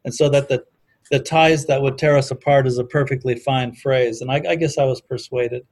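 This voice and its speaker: A man's voice: mid-range voice, steady tone, normal speed, a little mellow. A man in a casual conversation, thoughtfully quoting literature from memory with frequent restarts. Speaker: discussion guest on recovery history.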